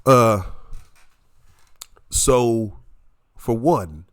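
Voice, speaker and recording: A man's voice: medium pitch, lively intonation, very slow, clear, resonant tone. A man giving heated, profane reaction commentary, his voice nasal and congested from illness. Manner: profane, combative ranting.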